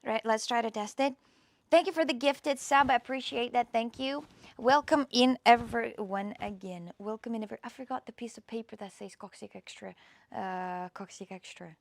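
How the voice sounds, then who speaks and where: A woman's voice: fairly high pitch, moderate pace, creaky, no room sound. A woman hosting a casual live stream outdoors in her backyard, talking into her phone camera and often restarting her sentences. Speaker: livestream host.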